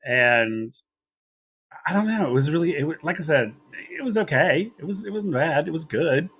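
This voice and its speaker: A man's voice: a little high, expressive, normal speed, a bit bright. Giggly rambling American podcast man. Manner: rambling, giggly, self-interrupting storytelling. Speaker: podcast co-host. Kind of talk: casual wrestling recap.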